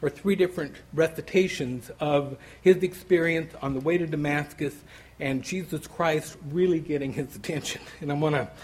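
A man's voice: a little high, moderate pace, slight background noise, rough recording. A man teaching verse by verse through a Bible passage, talking in a loose, conversational way with frequent asides and restarts. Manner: conversational, many "you know" asides; restarts and repeats words while thinking aloud.

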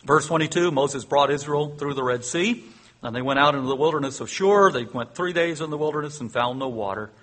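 A man delivering a sermon, reading scripture and acting out the story with growing excitement. His voice is husky and sits a little high, and he chuckles often between casual asides. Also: brisk. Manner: reads scripture aloud and dramatizes it with rising excitement, chuckling often; conversational, asides with fillers and self-corrections. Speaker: preacher. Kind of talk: sermon, Bible teaching.

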